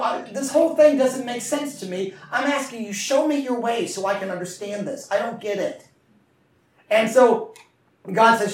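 A man's voice: sits high, slight background noise. A man preaching a sermon in a church with passion, calling for responses from the congregation. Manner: impassioned, call-and-response preaching. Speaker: pastor. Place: church sanctuary. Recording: echoey room from far off.

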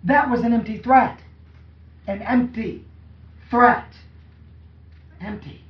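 Speaking slowly in a very high voice, this preacher delivers a sermon and keeps asking the congregation questions so they call back replies. It was captured from far off in a church hall, with a dull, echoing sound.

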